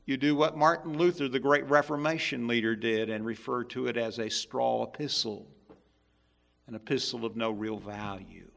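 A male preacher delivering a sermon, emphatic, swinging between loud stresses and hushed asides. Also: mid-range voice, little pitch movement, normal speed, gravelly.

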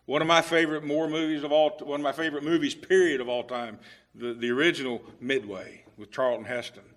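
Bright-voiced middle-aged male preacher. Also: a little high, steady tone, fairly quick. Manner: conversational with restarts, swinging from hushed to emphatic. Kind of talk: sermon.

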